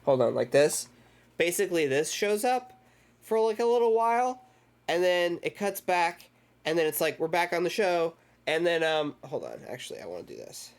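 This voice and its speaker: A man's voice: fairly high pitch, very animated, moderate pace. Rambling, profane man recapping a movie. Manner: rambling, profane, loose retelling with acted-out quotes. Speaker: streamer hosting a movie club. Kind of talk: casual livestream movie recap.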